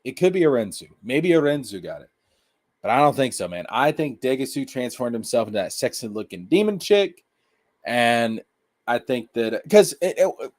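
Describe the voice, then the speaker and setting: Excitable man riffing on an anime. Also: mid-range voice. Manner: excitable, repeats himself, slangy. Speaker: anime review streamer. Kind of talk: casual live-stream commentary.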